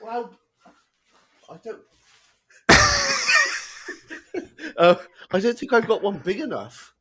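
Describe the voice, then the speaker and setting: A man's voice: extremely high pitch, huge pitch swings, extremely slow, sharp tone, husky. A young man co-hosting a casual podcast over a video call, giggling through the chat. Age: young adult. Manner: giggly, laughs a lot. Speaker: podcast co-host.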